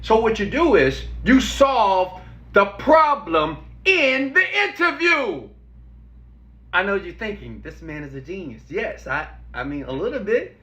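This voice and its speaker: A man giving job interview tips as a motivational speaker, talking with animated emphasis, slowing down to stress key words and urging viewers to comment and give a thumbs up. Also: high-pitched. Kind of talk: energetic motivational talk to camera. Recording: roomy, slightly dull recording.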